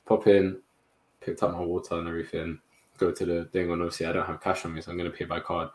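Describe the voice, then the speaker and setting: A young man, telling a story in a casual podcast chat among friends, full of slang and lively retelling. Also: low voice, quick pace. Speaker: podcast co-host.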